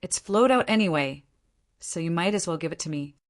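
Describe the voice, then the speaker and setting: A woman's voice: lowish voice, expressive, a little fast, close to an everyday voice. A woman voicing a cheeky, easygoing young male martial hero in an audiobook, with a teasing, casual manner.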